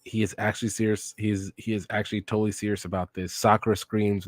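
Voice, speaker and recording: A man's voice: lowish voice, little pitch movement, fast talker, no room sound, clean studio sound. A young man hosting a channel, retelling manga panels play-by-play in a casual, run-on way with incredulous joking asides. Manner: recounts panels in a run-on 'and then he's like' way. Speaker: host reading a manga aloud for the first time.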